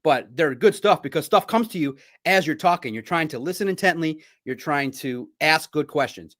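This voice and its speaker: Animated, boastful male podcast host. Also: a little high, normal speed. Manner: boastful, repetitive, trash-talking. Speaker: sports podcast host and reporter. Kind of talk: casual podcast monologue.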